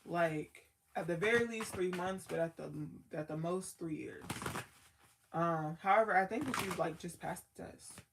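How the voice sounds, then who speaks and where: A woman's voice: lowish voice, moderate pace, background noise. A woman giving a casual tarot card reading as the reader, talking in a loose, slangy way full of "like" and trailing thoughts.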